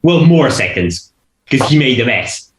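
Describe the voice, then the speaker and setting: A man's voice: mid-range voice, very animated, a little slow, echoey room, slight background noise, rough recording. A man co-hosting a music reaction show, tossing in teasing wisecracks in casual chat.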